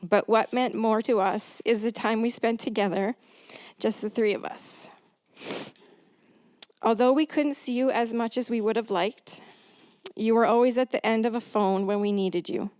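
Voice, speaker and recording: A woman with an English accent reads a eulogy in a measured way, pausing now and then to clear her throat. Her voice sits a little high for a woman. The sound is dry and close, with no room around it. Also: fairly even intonation, a little mellow, no echo. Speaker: family member reading tributes. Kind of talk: reading a eulogy aloud.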